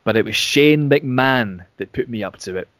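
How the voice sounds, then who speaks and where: A man's voice: medium pitch, animated, moderate pace, a bit bright, no room sound, natural voice. A man reading out a frantic male wrestler's confession in a plain voice. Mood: confessing.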